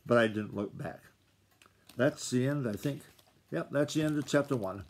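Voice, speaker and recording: A father reads a novel aloud to his kids, telling the story in a plain, unhurried way. His voice sits at an average pitch for a man, and it sounds like a simple recording made at home. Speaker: father reading to his children.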